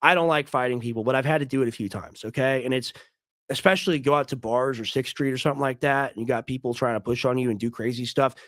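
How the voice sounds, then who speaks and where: A man's voice: a little high, no room sound, clean studio sound. A man giving emphatic, argumentative commentary on a clip as a stream host, often repeating himself. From United States.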